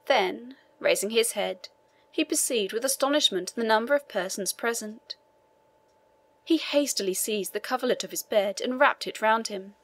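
A woman reading a classic novel aloud as an audiobook narrator, measured and even. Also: a little high. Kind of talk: scripted narration.

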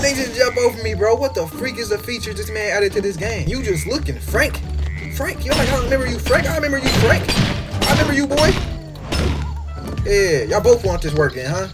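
Excitable young man with a jumpy voice. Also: high voice, fast talker, loud music behind the voice. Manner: excitable, trash-talking, slangy, jumps from mumbles to yelps. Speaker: gaming YouTuber. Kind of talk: casual gameplay commentary.

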